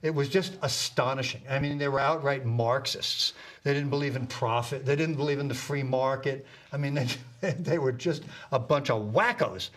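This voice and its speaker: A man's voice: mid-range voice, moderate pace, few pauses, a bit bright. An older man co-hosting a radio talk show, pushing back on political points and often stumbling over repeated words. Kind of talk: opinionated political banter.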